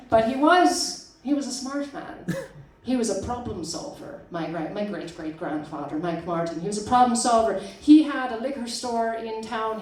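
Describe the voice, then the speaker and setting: At a small arts venue, a young woman does a self-deprecating stand-up set and laughs at her own jokes. Her voice is fairly high and a little mellow, captured by a distant mic in an echoey room with audience laughter.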